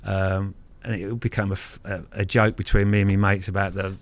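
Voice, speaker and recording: A middle-aged man recounts stories in a casual interview. He is frank and earthy, swears without fuss, and often restarts his sentences. His voice sits slightly low. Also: level tone, fairly quick. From Kent, England. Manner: frank, earthy, swears freely, repeats words. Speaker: guest angler.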